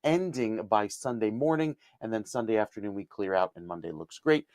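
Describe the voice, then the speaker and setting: A man giving a weather forecast on a morning radio show in a relaxed, conversational way. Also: on the low side, fairly quick, no echo. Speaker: meteorologist. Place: radio studio. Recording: dry studio sound.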